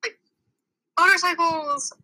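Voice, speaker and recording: A woman's voice: very high voice, steady tone, slow, pushed and bright, poor audio. A woman chatting casually, reacting bluntly and with mock disgust to a story being read to her. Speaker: co-host commenting. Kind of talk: casual chat.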